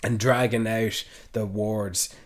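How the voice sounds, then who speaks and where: A man's voice: on the low side, slow pace. Man retelling scenes on a podcast. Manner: animated retelling of scenes, laughs often. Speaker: podcast co-host. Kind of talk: casual podcast chat.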